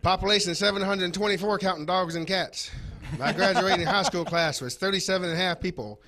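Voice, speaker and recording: A man's voice: high voice, fairly quick, crowd noise. A man from Texas with a Texan accent, telling folksy, self-mocking stories in a stand-up comedy set.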